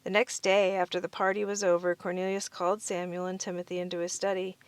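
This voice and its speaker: Woman reading children's book aloud, clear and expressive, dry recording. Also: fairly low pitch, fast talker, dry recording. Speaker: storybook reader.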